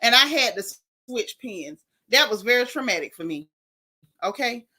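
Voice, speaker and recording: A middle-aged woman recaps reality TV as a show recap host, animated and sassy, exclaiming and drawing out words for emphasis. Her pitch is fairly high.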